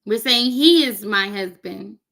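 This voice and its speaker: A woman's voice: mid-range voice, unhurried, vocal fry, fairly bright tone. A woman learning a language on camera, chatting casually and joking with her viewers. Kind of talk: casual chat while doing a recorded lesson.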